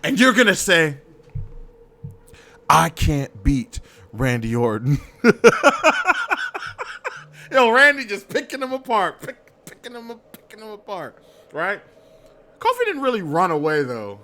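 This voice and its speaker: Podcast co-host, male, high and lively voice with a bright edge, laughs and swears a lot. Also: measured pace, long pauses. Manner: animated, laughing, swearing, mimicking wrestlers. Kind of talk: casual wrestling recap chat.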